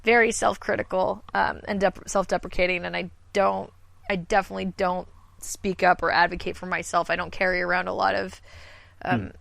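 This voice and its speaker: A woman's voice: on the low side, little pitch movement, fairly quick, vocal fry, fairly bright tone, no echo. A woman in her thirties, a voice actor guest, talking candidly and self-deprecatingly in a rambling podcast chat. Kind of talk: casual podcast conversation.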